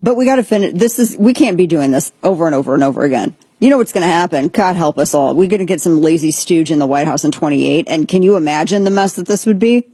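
Woman, political talk host, sarcastic, rambling, dark husky tone. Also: fairly low pitch, animated, quick pace, few pauses, no echo. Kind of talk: opinionated political commentary.

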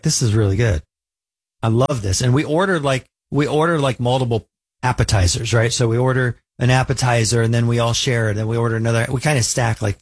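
A man's voice: mid-range voice, slightly rough. A man hosting a weekend radio show, telling a personal story in a chatty, conversational way. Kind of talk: casual radio talk.

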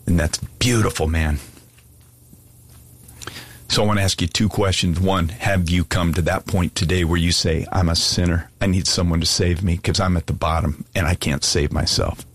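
Male pastor, very low voice, husky, dry close sound, earnest pleading sermon. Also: dry recording. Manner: earnest, pleading, conversational preaching. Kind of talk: sermon altar call.

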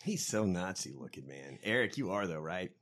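A man co-hosting a casual comedy chat, profane and mocking, quick to laugh. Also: low-pitched, expressive, a bit bright. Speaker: podcast co-host.

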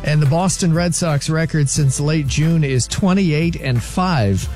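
A man's voice: a little high, a little slow, darkish tone, faint music behind. A man delivering a sports scores update on a talk show, rattling off results one fact at a time. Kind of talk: reading a sports news update.

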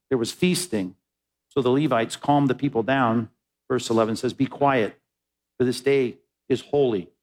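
Guy preaching a sermon, storytelling then getting emphatic, mid-pitch voice. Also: rough recording. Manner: storytelling, rising into emphatic exhortation. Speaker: pastor.

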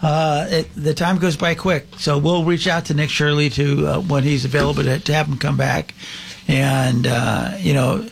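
Gravelly halting male talk show host. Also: fairly high pitch, steady tone, a little hiss or hum. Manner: halting, many fillers and restarts. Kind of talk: casual talk show hosting.

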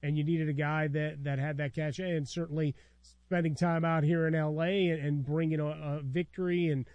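A man's voice: a little high, little pitch movement, normal speed, a little mellow, no room sound, lo-fi sound. A man co-hosting a casual sports talk show, chiming in with easy, agreeable asides.

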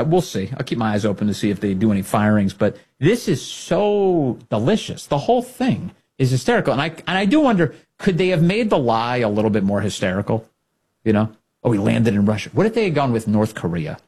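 A man's voice: on the low side, a little mellow, breathy edge. A man hosting a political commentary show, talking in a sarcastic, mocking way.

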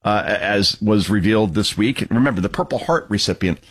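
A man's voice: fairly low pitch, brisk, a bit bright, husky. A man hosting a political talk radio show, mocking and emphatic in his commentary.

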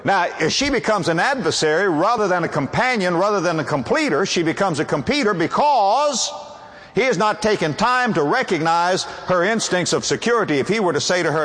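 An older man preaching a sermon, with wide swings in pitch and slow, drawn-out emphasis. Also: sing-song, fairly bright tone, in a large hall.

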